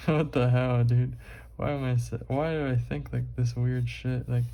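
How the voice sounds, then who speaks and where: A man's voice: mid-range voice, fairly even intonation, normal speed, few pauses, dull audio. A young man vlogging while he draws, rambling casually with lots of fillers and swearing. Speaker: art vlogger.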